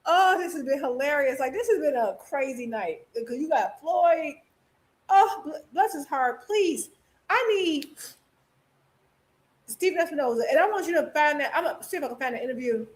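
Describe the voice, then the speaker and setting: A woman's voice: high-pitched, lively intonation, normal speed. A woman hosting a casual boxing chat show, laughing often and talking loosely.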